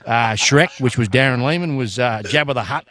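A man as a guest in casual chat, laid-back and jokey with quick asides. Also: mid-range voice, expressive, a bit bright.

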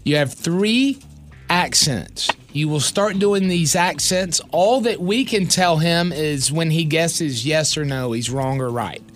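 Role: lively radio host, man. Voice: fairly high, very animated pitch. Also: takes it slowly, faint music behind. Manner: folksy, jokey, explains rules patiently. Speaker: radio morning show host. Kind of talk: lively radio banter and game hosting.

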